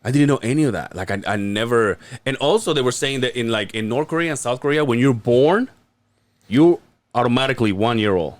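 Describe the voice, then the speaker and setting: Lively-voiced man in his thirties. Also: mid-range voice, a little fast, dry recording. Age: 30s. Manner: animated, swearing, laughing storyteller. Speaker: podcast co-host. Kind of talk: casual chat.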